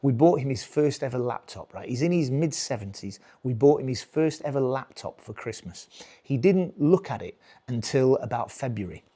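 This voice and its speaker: A man's voice: mid-range voice, animated, moderate pace, warm tone. A British man in his forties doing stand-up, rambling and cutting himself off as he chats with the crowd. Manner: rambling, self-interrupting, chatty with the crowd. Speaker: stand-up comedian. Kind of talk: stand-up comedy.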